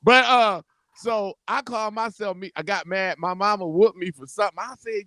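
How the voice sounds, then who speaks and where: A man's voice: sits high, normal speed, pushed and bright, dry recording. A man, co-hosting a casual talk show, tells a story with laughs and stammers. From Cleveland, Ohio. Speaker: co-host.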